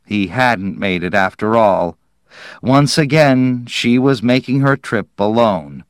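A man reads a story aloud at an unhurried, deliberate pace, letting each phrase land with measured drama. His voice sits at an ordinary middle pitch and sounds close and dry, with no room around it. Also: expressive, smooth, dry recording. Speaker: narrator. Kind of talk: audiobook narration.

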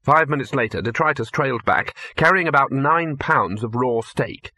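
A man's voice: mid-range voice, normal speed, pushed and bright, no echo. A man reading a comic fantasy story aloud in a dry, wry storytelling manner. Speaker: audiobook narrator. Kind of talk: scripted narration.

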